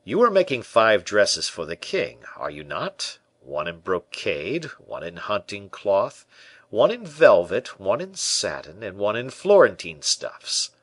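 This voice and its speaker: A man voicing a suave, scheming churchman who speaks in soft, honeyed tones. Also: lowish voice, wildly swooping pitch, measured pace, slightly rough, no room sound, heavily acted.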